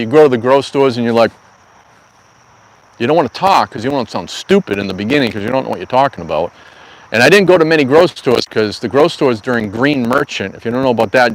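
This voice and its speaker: A man's voice: mid-range voice, rough recording. A middle-aged man hosting a live stream from an outdoor garden studio, telling stories in a casual, folksy, slangy way. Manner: chatty storyteller, folksy, slangy asides. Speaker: cannabis grow channel host.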